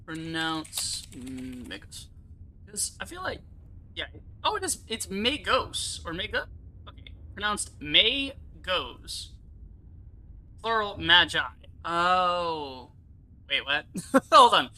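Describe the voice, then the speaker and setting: A young American man giving casual, rambling gameplay commentary, excitable and swearing freely. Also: high voice, slow pace, long pauses, poor audio. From United States. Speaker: let's play YouTuber.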